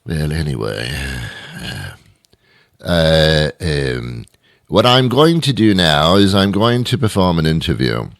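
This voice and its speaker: Animated British man hosting a talk show. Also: very deep voice, takes it slowly, gravelly, dry recording, studio quality. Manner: animated, mock-indignant, rambling. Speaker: radio host. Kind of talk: comic talk radio monologue.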